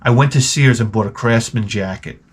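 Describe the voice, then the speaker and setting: A man's voice: medium pitch, normal speed, slight background noise. A man hosting his channel, talking in a rambling comedic monologue and swearing constantly. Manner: rambling, jumps between jokes. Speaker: host of a retro gaming channel.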